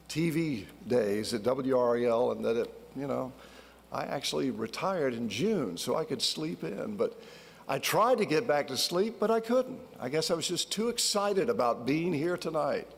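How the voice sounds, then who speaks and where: A retired broadcaster in his sixties gives a warm, heartfelt acceptance speech from a podium. His voice has a gravelly edge. The sound carries a long reverb from the large hall. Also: mid-range voice, lively intonation, normal speed. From North Carolina. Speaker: award recipient, retired TV broadcaster.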